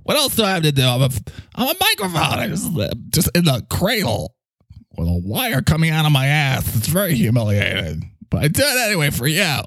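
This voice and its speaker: A man's voice: fairly high pitch, huge pitch swings, fairly quick, creaky, fairly bright tone, no echo, clean studio sound, voice pushed up, exaggerated voice. A man voicing a needy, jealous talking microphone. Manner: whiny, clingy, sarcastic.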